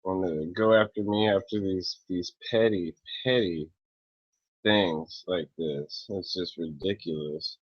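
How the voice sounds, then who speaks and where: A man rants at length and swears freely, clearing his throat as he goes. His voice sits low and his delivery drags slowly. The sound is dull and lo-fi, with a dry, close feel. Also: no echo. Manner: profane, rambling, with frequent throat clearing. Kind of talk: casual angry rant to camera.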